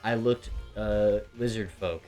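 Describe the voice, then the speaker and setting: A man's voice: lowish voice, steady tone, takes it slowly, over music. Young man rambling casually over a game. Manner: laughing, rambling anecdotes. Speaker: gaming channel host. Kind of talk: casual chat over gameplay.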